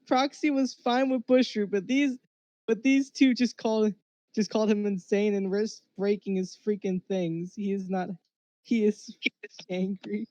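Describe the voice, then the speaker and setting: A woman's voice: mid-range voice, fairly even intonation, unhurried, warm tone, dry recording, lo-fi sound. A woman playing a tabletop game, teasing and giggly as she talks in and out of character. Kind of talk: casual role-play.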